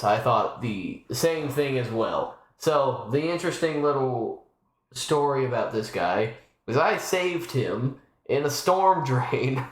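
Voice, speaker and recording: Man, streamer, casual rambling chat, animated pitch, roomy echo, home room. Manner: rambling and chatty, with restarts.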